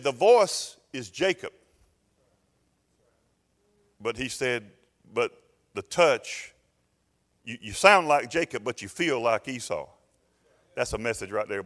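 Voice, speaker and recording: A pastor, telling a story and building to loud, fervent preaching in a sermon. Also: male voice, medium pitch, in a large hall.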